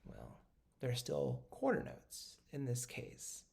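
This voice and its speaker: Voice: mid-range voice, wildly swooping pitch, takes it slowly, vocal fry, darkish tone, husky. A music instructor gives a recorded lesson, talking casually and patiently while drawing notation, with many ums and self-corrections.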